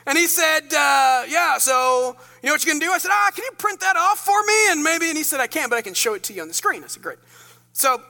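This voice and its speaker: Self-mocking pastor preaching, bright voice. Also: male voice, very high voice, fast talker. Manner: self-deprecating storytelling, animated asides. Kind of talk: sermon. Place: church sanctuary. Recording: church hall reverb.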